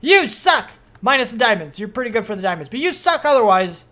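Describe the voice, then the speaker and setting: A young adult streamer giving casual, rambling gameplay commentary, excitable and full of fillers. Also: medium pitch, fast talker.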